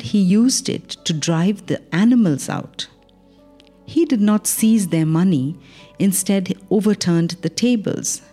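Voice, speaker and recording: A woman reading a Christian devotional in a calm, measured, earnest way, ending in a prayer. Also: mid-range voice. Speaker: devotional reader. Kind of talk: read devotional.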